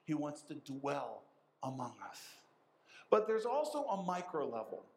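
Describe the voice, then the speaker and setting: A man's voice: a little high, sing-song, a little slow, gravelly, roomy sound, poor audio. A man preaching a sermon as pastor, emphatic and repeating his key phrases for stress. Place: church sanctuary.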